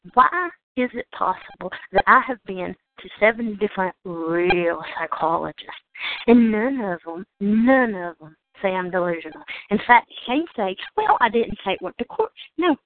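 A woman's voice: mid-range voice, a little hiss or hum. Indignant Southern woman ranting on a phone line. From Georgia, United States. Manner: indignant, ranting, sarcastic, swears. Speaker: host of a call-in show. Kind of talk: angry monologue.

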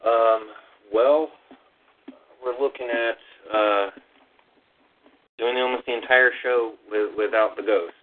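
A man's voice: medium pitch, steady tone, slow pace, long pauses. A man hosting a podcast, talking hesitantly with many ums and uhs in casual chat. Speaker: podcast host. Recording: phone-like lo-fi line.

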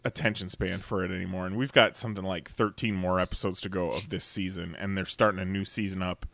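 A man's voice: deep voice, steady tone, fast, vocal fry, a bit bright, no echo. A man co-hosting a podcast in casual chat, ranting with plenty of swearing and frequent laughs. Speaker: podcast co-host.

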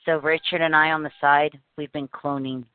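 A woman hosts a podcast and chats casually, telling her stories with animated energy. Her voice comes through a narrow, phone-like line. The sound is dry, with no room echo. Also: sits low, normal speed. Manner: chatty, animated storytelling with laughs. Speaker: podcast host. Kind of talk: casual chat.

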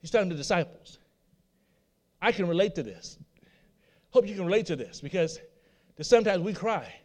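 A man's voice: sits high, lively intonation, normal speed, darkish tone. A man preaching a sermon, repeating his points and putting rhetorical questions to his listeners. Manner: repetitive, asks the audience rhetorical questions.

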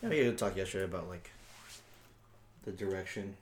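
Lively young man in casual podcast chat. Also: low-pitched, fast, a little hiss or hum. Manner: swears often, laughs a lot. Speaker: podcast co-host. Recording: echoey room.

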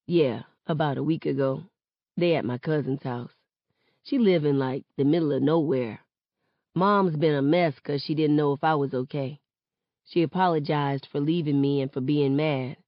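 A woman reading the part of an easygoing teenage boy who talks in relaxed slang, on a dull lo-fi recording. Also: deep voice, moderate pace, no echo, natural voice.

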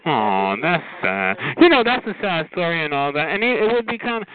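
A man's voice: a little high, sing-song, brisk, background noise. A man hosting a casual call-in chat, ranting in a sassy, profane way and calling everyone honey and child. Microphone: phone line. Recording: tinny phone line with crowd chatter.

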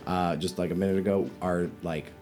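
A man narrating as game master in a tabletop game, relaxed and rambling. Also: low-pitched, a little fast, soft background music.

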